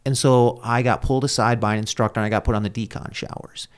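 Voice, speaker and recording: A man's voice: medium pitch, fairly even intonation, fast talker, clean tone. A man talking as a podcast guest in a casual, rambling storytelling manner, full of fillers and restarts, often laughing at himself. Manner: laughs at his own story. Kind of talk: conversational storytelling.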